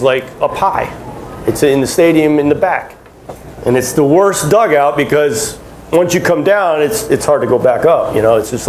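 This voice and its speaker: A man in his fifties, once a ballplayer, sits on a convention panel and spins rambling, chatty stories for fans, restarting often and laughing a lot. His mid-range voice has a darkish tone, and the low-quality recording carries a bit of hiss or hum.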